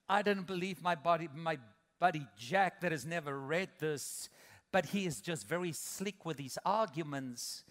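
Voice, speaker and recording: A middle-aged man preaching a sermon as pastor, swinging from loud emphatic peaks to soft intimate asides. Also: sits high, moderate pace. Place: large church auditorium. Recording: long hall reverb.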